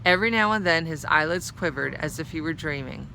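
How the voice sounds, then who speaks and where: A woman's voice: deep voice, lively intonation, brisk, vocal fry, sharp tone, slight background noise. A woman reading a novel aloud, narrating steadily in the first person. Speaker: storyteller.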